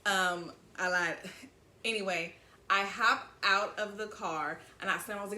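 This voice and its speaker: A woman from Southern California telling a story in a casual chat, animated and profane, acting out what people said. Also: mid-range voice, measured pace, roomy sound, a little hiss or hum. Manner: animated, profane, acts out quoted lines.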